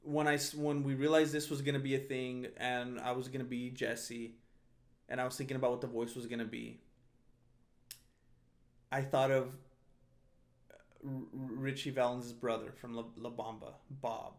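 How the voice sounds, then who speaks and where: A man's voice: medium pitch, normal speed. A man hosting a casual solo podcast, rambling and often laughing as he restarts his sentences. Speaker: podcast host.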